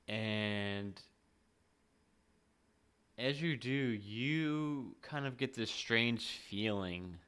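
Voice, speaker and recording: A game master narrating a tabletop game in a relaxed, halting way, with fillers and laughs. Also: mid-range voice, clean tone.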